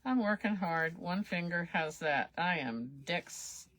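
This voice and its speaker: A woman's voice: lowish voice, expressive, unhurried, a bit bright, no room sound. A woman, hosting a chatty crafting livestream and laughing at herself as she works. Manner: folksy, self-chuckling, talks while working.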